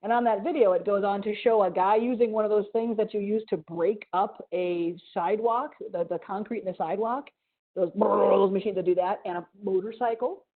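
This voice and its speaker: A museum educator with a mild Ohio accent gives an animated, playful science lesson to children over a video call, adding little sound effects. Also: female voice, mid-range voice, a little fast, few pauses. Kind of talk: live online science lesson for kids. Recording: tinny video call audio.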